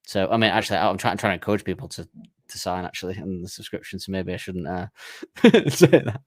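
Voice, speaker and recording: A man with a lowish voice chatting on a podcast, laughing often and wandering mid-sentence through fillers and restarts. His voice is recorded close and dry, with no room sound at all. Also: lively intonation, fast talker, no room sound. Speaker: podcast co-host. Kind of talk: casual chat.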